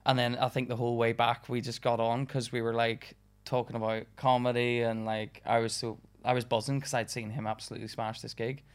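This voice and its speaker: Young man, from England, comedian guest, casual podcast chat, rambling stories, frequent laughs, middle-pitched voice. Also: little pitch movement, fairly quick, hardly any pauses. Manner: laughs often, swears, rambling storytelling.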